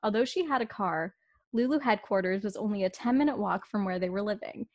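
A woman's voice: mid-range voice, fairly quick, lo-fi sound. A woman co-hosting a podcast, reading fan fiction aloud in a playful way and breaking into laughter now and then. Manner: playful, laughs often, acts out the dialogue. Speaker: podcast co-host.

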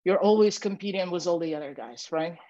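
A woman's voice: lowish voice, a little fast, dry recording, muffled recording. Chatty woman giving dating advice. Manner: chatty and animated, acts out sample lines, heavy use of "like" and "right?". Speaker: matchmaker and dating coach, podcast guest. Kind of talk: casual podcast advice chat.

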